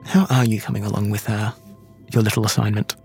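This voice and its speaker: A man voicing an elderly female crime matriarch who speaks quietly and condescendingly in a tabletop game. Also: on the low side, level tone, quick pace, soft background music, pitched below the performer's own voice, close to an everyday voice. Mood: cold menace.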